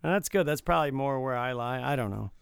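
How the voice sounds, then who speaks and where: A man's voice: mid-range voice, expressive, fast talker, gravelly, smooth, no echo. A middle-aged man from Detroit co-hosting a casual podcast, earnest and reflective, often hedging his points. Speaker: podcast co-host. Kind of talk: casual chat.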